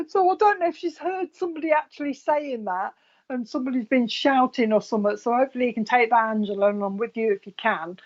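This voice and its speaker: A woman's voice: a little high, fast talker, darkish tone, muffled recording. A woman working as a psychic medium, giving a live reading in a chatty way with frequent laughs.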